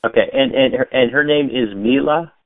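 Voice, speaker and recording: A man's voice: medium pitch, normal speed, no echo. A man hosting a call-in prayer line, patiently checking details with callers. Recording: tinny phone line, dry.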